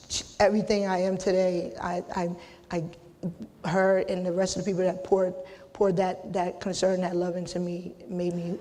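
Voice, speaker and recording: Middle-aged woman, emotional inductee, choked-up, casual, restarts often, monotone, long reverb. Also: fairly low pitch. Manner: halting, repeats herself, casual slang. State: holding back tears. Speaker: hall of fame inductee. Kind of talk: emotional acceptance speech.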